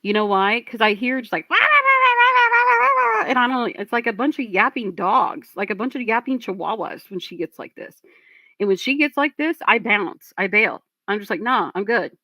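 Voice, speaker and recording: A woman's voice: medium pitch, brisk, sharp tone, no echo. A woman streamer reacting to a video and reading chat, blunt and profane as she rants. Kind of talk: casual reaction commentary.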